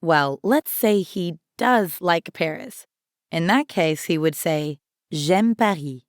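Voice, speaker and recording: A woman co-hosts a language lesson at a slow, even pace. She speaks each phrase clearly and carefully for learners. The sound is close and dry. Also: lowish voice, dry recording. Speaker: language teacher. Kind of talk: scripted lesson narration.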